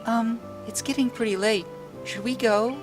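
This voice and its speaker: A man's voice: very high-pitched, steady tone, normal speed, music in the background, pitched above the performer's own voice. A man doing a shy, hesitant schoolgirl. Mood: timid.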